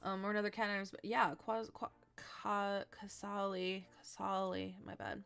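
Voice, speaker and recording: A woman's voice: medium pitch, level tone, normal speed, vocal fry, a bit bright, clear, resonant tone, faint music behind. A tired woman casually chatting on a livestream as she builds a card deck, thinking aloud, humming and trailing off. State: tired, yawning.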